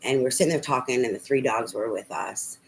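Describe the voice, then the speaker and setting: A woman's voice: a bass voice, fast, slight background noise, rough recording. A middle-aged woman telling a rambling personal story as a tarot reader, full of fillers and casual swearing.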